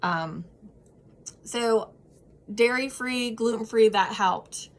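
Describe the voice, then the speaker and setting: A vlogger in her thirties shares personal experience in casual advice talk to camera, earnest and heartfelt, with frequent ums and restarts. Her voice is on the high side and she takes her time.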